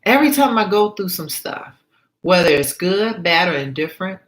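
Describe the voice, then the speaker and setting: A woman's voice: lowish voice, animated, normal speed, reverberant, poor audio. A woman author reading her own story aloud and stopping to comment, repeating her points emphatically and checking that the listener follows.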